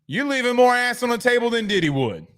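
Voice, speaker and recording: Man, sports host, high voice, rambling, jokey asides. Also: big pitch swings, fast, fairly bright tone, clear, resonant tone. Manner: rambling, joking, trails off into asides. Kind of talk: casual sports commentary.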